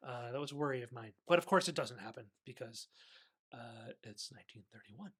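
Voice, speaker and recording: A man giving casual, rambling movie commentary, animated and often correcting himself. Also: mid-range voice, a little fast, husky. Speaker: movie reviewer.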